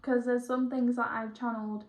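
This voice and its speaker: A young woman, a spiritual healer chatting excitably through a one-on-one session, rambling and correcting herself as she goes. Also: a little high, normal speed. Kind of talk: casual one-on-one session chat. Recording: roomy, dull lo-fi sound.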